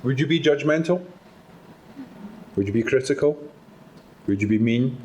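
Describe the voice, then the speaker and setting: A Scottish man speaks to a conference audience with a lively, rising and falling pitch. He talks in an engaging way and keeps the crowd involved. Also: moderate pace, slight background noise. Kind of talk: live talk to an audience. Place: conference hall.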